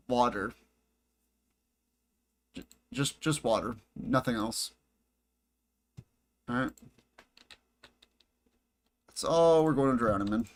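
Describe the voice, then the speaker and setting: A man with a mid-range voice speaks slowly, leaving long pauses. He's casually commentating a live game stream at home via headset, chatty and joking with his viewers and himself, in a room with air conditioning and bright lights.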